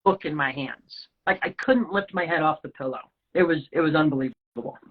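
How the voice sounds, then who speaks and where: Woman guest w a lower voice telling her story, lively, does little voices for people, sounds like a phone line. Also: fairly quick, breathy edge. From Rocky Mountain region of the US. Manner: animated storyteller, acts out quoted dialogue. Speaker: podcast guest. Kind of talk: telling a personal story in conversation.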